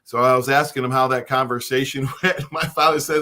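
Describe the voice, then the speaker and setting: A man's voice: medium pitch, fairly even intonation, a little fast, hardly any pauses, pushed and bright, slight background noise. A man hosting a casual group conversation, telling stories with frequent restarts and stammers. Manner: stammering, storytelling. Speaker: host.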